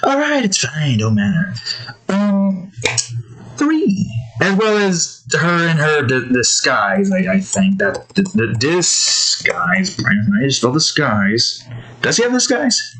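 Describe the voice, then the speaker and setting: A man's voice: a little high, big pitch swings, takes it slowly, pushed and bright, poor audio. A man rambling and correcting himself as he draws and chats to viewers. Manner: rambling, self-correcting, chaotic. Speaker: host drawing on stream. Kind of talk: casual rambling commentary.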